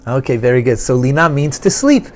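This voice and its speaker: A man's voice: medium pitch, sing-song, fairly quick, a little mellow. A man teaching a Torah class to students, asking them questions and repeating key phrases as he explains a verse.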